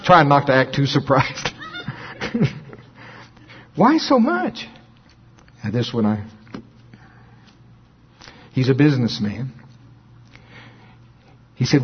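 An older man preaching, telling a story with lively quoted dialogue, his voice jumping high when he acts out phone calls. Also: husky, dull audio. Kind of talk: sermon storytelling.

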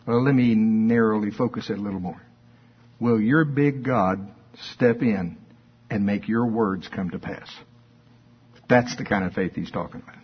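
A man's voice: on the low side, normal speed, breathy edge, dull audio. A man preaching a sermon in a church, moving between emphatic questions and folksy asides. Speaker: pastor.

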